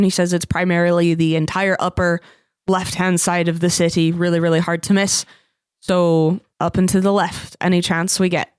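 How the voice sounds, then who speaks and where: A woman's voice: on the low side, flat delivery, moderate pace, darkish tone, smooth, no echo, studio quality. A woman playing a tabletop game, chatty and laughing, who says "wee bit" and "me darling". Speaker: player.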